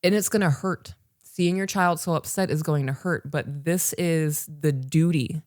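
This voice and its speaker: A woman in her thirties co-hosts a parenting podcast, speaking emphatically and straight to the listener in a deep, slightly mellow voice at a measured pace. The casual parenting talk was recorded live for online patrons, with a dry, studio-quality sound.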